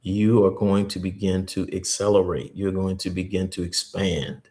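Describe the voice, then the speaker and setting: A male host gives a teaching talk, slowly and earnestly repeating key points and sharing stories from church life. His voice is low-pitched, flat and mellow.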